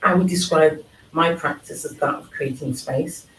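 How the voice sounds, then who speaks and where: A man's voice: a little high, steady tone, moderate pace, fairly bright tone, echoey room, far from the mic, a little hiss or hum, rough recording. A man from England speaking thoughtfully on a live panel at a forum, with frequent fillers. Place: event hall at a live forum.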